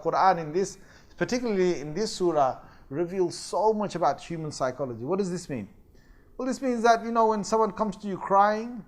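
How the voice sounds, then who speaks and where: A man with a high, bright voice gives a religious lecture. He swings from soft, low asides to loud, raised outbursts as he acts out the voices in the story. He talks in a way. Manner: animated, acts out quoted voices and fake crying. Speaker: Islamic teacher.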